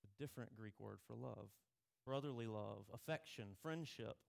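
A man's voice: fairly low pitch, normal speed, gravelly. A male pastor preaching a sermon in a conversational way, telling personal stories.

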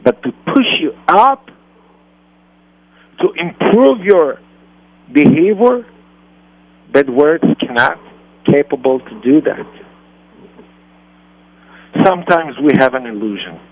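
On a radio show, a rabbi who speaks natively makes an earnest case about parenting, repeating and rewording what he says. His voice is on the high side and very animated, slow, with frequent pauses. The sound comes from a radio studio mic and is dull and lo-fi.

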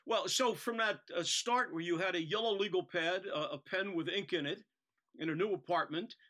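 A male podcast host asking quick prompting questions in a casual interview. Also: high-pitched, pushed and bright.

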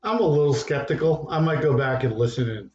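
A man's voice: medium pitch, fairly quick, a crowd in the background. A man co-hosting a casual podcast, chiming in with teasing remarks. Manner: lively, teasing interjections. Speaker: podcast co-host. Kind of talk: casual chat. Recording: echoey room, slightly dull sound.

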